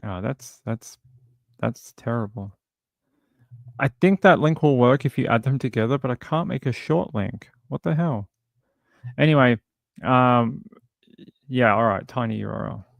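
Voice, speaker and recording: A man's voice: medium pitch, moderate pace, creaky, no room sound. Rambling man hosting a livestream. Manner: rambling, easily exasperated. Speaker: livestream host. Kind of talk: casual livestream chat.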